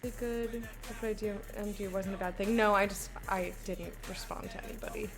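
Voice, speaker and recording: A woman's voice: steady tone, brisk, faint music behind. Chatty woman streamer. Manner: bubbly greetings, then candid and low-key. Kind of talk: casual chat with chat viewers.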